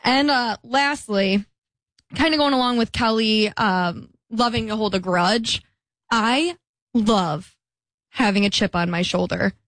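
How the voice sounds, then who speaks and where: A woman's voice: medium pitch, measured pace, fairly bright tone, no echo. A young woman co-hosting a podcast, talking candidly in a rambling casual way with lots of "like" fillers. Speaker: podcast co-host. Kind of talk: casual chat.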